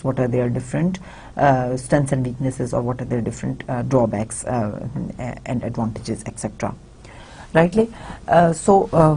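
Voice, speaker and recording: A woman's voice: very deep voice, dark tone, slight background noise. A woman with a Pakistani English accent giving a recorded university lecture, talking hesitantly with many fillers and restarts.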